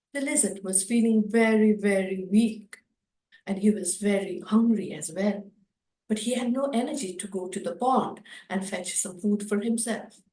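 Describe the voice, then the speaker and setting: A woman storyteller telling a children's story at a festival session, expressive and repetitive, with some fillers. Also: mid-range voice, echoey room, poor audio.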